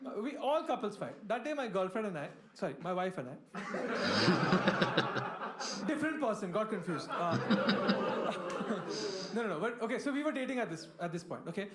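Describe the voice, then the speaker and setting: A man works through a stand-up set, chatty and poking fun at himself as he keeps turning to the crowd. The recording is roomy, with a loud wash of noise under him. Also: sits high, very animated, moderate pace, long pauses. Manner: chatty and self-mocking, often asks the crowd. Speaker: stand-up comedian.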